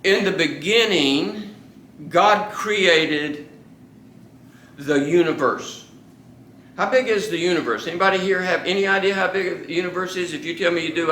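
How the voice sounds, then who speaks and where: A man teaches a small Bible study group in a relaxed, talkative way, circling back on his words and quizzing the class. His voice is bright and sits a bit high. The room is echoey, with a faint hiss behind him. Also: vocal fry, recorded from a distance. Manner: conversational, repeats and restarts, asks the class questions.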